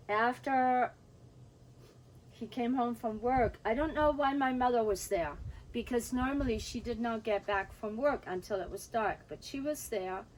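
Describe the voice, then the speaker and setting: An older woman telling a personal story from her childhood, pausing now and then to drink or clear her throat. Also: on the high side, a little mellow, a little hiss or hum, low-quality recording. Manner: pauses to drink and clear throat, recounting quoted dialogue.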